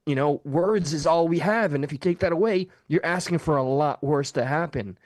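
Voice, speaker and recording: A man co-hosting a casual podcast discussion, speaking earnestly and haltingly, restarting his sentences. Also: a little high, no echo. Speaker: podcast co-host.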